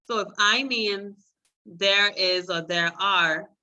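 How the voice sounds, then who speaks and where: Slow, bright-voiced woman teaching a class. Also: mid-range voice, dull audio. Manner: patient, explains step by step, calls on students. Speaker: Spanish teacher.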